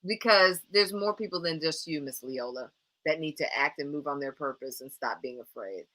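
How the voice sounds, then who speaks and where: A woman's voice: sits low, normal speed. A woman hosting a live motivational coaching show. She talks straight to her viewers with emphatic, encouraging repetition. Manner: encouraging and animated.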